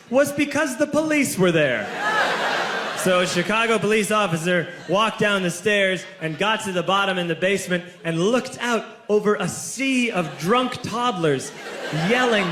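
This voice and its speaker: A young adult man telling a stand-up story on stage, animated, shouting punchlines and acting out quotes. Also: high voice, measured pace. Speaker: stand-up comedian. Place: stage before a laughing audience. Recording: echoey room with loud audience noise.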